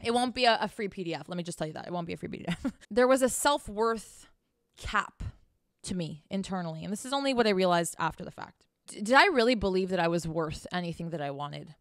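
A woman with a smooth, clear voice delivering a candid self-help monologue to camera. She is blunt and sarcastic, swears freely and scolds the listener directly. The recording is dry and close, with no room sound. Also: on the low side, animated, fast, no room sound. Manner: direct, scolding address to the viewer. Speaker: host.

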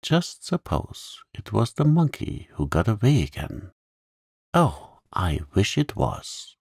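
A man voicing a kind, imaginative young girl who talks in a soft, coaxing, crooning way. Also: on the low side, big pitch swings, slow, gravelly, breathy edge, dry recording, studio quality, voice pushed up, exaggerated voice. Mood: softly excited.

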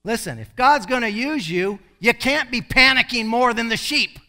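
A male pastor preaching a sermon in an emphatic way, with sudden loud bursts. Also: very high-pitched, normal speed.

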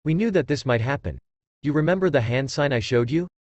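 A man's voice: medium pitch, expressive, brisk, a little mellow, no room sound, muffled recording, natural voice. A man voicing a cheeky, kind spirit of a father who explains things at length.

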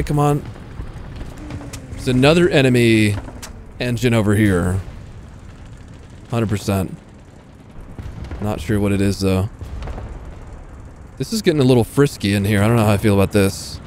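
A man with a fairly low voice talks through his tank match in a casual, excitable way, swearing freely and taunting the enemies he spots. He sounds like a gaming creator recording at home, and faint game noise sits under his voice. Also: a little slow, pauses often. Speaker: gaming YouTuber. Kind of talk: casual gameplay commentary.

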